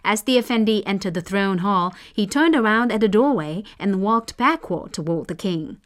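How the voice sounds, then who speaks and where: A woman hosting and narrating folk tales in a measured, expressive scripted reading. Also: mid-range voice. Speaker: storyteller host.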